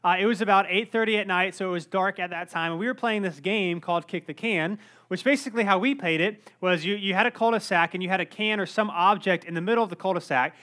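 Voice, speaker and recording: A young man preaching in a high, light voice. He tells a story with lively, self-deprecating humor before moving into the sermon. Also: quick pace. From North Carolina, USA. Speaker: pastor.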